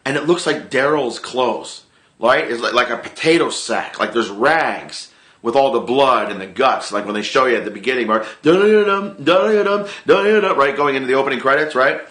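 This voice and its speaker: Casual male vlogger, animated, bright voice, echoey room. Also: medium pitch, fairly quick. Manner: animated, re-enacts his own reactions, swears freely. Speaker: TV show reviewer. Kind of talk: casual excited recap vlog.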